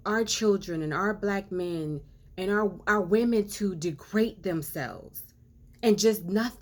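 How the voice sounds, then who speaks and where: A woman speaking slowly and deliberately in an earnest, preachy monologue. She leans on rhetorical questions and draws out key words for weight. Her voice sits at an ordinary middle pitch. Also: a little mellow. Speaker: social commentator. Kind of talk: impassioned monologue to camera.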